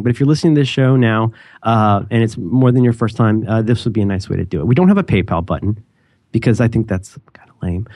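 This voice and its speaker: Fast-talking rambling male podcast co-host. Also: medium pitch, a little mellow, no room sound, studio quality. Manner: rambling, jokey, self-interrupting. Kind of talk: casual chat.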